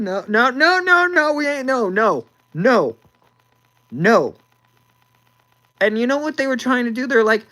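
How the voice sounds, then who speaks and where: A woman's voice: on the high side, very animated, a little slow, long pauses, a bit bright, low-quality recording. A young woman ranting about a movie, exasperated, sighing and repeating words as she talks.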